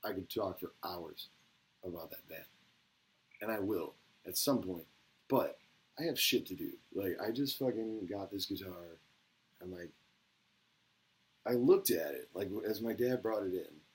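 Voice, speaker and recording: A man with a low, husky voice talks straight to the camera in a loose, rambling monologue full of swearing. He swings between quiet mumbling and sudden excited bursts. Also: measured pace, long pauses, low-quality recording. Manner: rambling, profane, gets excited.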